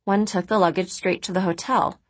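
A woman's voice: on the low side, fairly even intonation, brisk, lightly acted. A woman voicing a polite young woman who is a somewhat bewildered guest at a family dinner.

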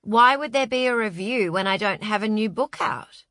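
A woman's voice: medium pitch, lively intonation, normal speed, a bit bright, dry recording, clean studio sound, close to an everyday voice. A woman voicing a proud, prickly middle-aged romance novelist who speaks in short commanding lines. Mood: indignant. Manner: clipped, commanding.

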